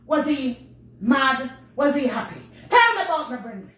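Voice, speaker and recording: A woman's voice: sits high, big pitch swings, moderate pace, a bit bright. A woman playing a bossy, dramatic character, Master Baker, in a comedy sketch. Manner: bossy, dramatic, fussing over a baby. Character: bossy middle-aged woman Master Baker, Jamaican patois. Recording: echoey room with faint noise.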